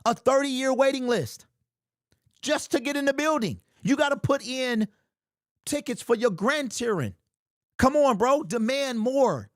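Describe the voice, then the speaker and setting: A man hosting a fan sports talk stream, reading chat aloud and ranting in an animated, exasperated way. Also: extremely high pitch, unhurried, pauses often, dry recording, studio quality. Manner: animated, exasperated ranting, keeps saying "bro".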